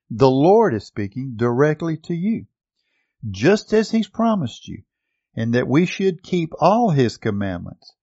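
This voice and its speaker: Male preacher, sermon delivery, lively swooping pitch, dry slightly muffled recording. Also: no echo. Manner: reads scripture aloud with rising emphasis; asks the listeners questions.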